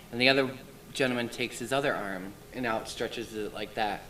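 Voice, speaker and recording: A man's voice: mid-range voice, fairly bright tone, a little hiss or hum, low-quality recording. A man giving an emotional first-person account as an interview guest, in a shaken, intense retelling.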